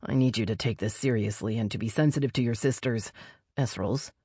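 A woman voicing a proud male vampire prince who swears and threatens in a lowered voice. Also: a little fast, mellow, slightly rough, no echo, studio quality. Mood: threatening.

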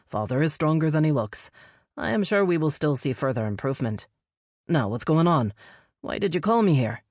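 Lady doing a low cocky elf prince, mocks everyone, dry close sound. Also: big pitch swings, moderate pace, darkish tone, dry recording. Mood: plain. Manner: blunt, mocking, swears. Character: blunt cocky young male elf prince.

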